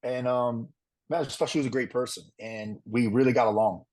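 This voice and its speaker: A man being interviewed about his time on a competition show, talking in a quick, rambling way with lots of "like" and "uh" fillers. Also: mid-range voice, fairly even intonation, a little mellow. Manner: fast, rambling, fills with "like" and "uh". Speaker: reality show contestant interviewee. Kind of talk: candid interview.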